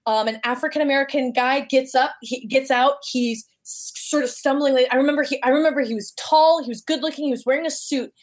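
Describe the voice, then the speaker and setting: A woman's voice: high-pitched, brisk, few pauses. Woman telling a story animatedly. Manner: animated, acts out quoted voices. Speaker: guest. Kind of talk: casual storytelling.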